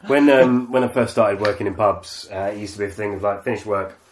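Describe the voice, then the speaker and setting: Man, casual podcast chat, lowish voice, halting, roomy echo. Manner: relaxed, halting, lots of fillers. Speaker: podcast co-host.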